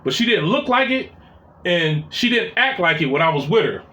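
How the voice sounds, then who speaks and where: A man's voice: sits high, big pitch swings, moderate pace, bright, forceful tone. Profane, rambling male storyteller, echoey room. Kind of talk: casual personal storytelling.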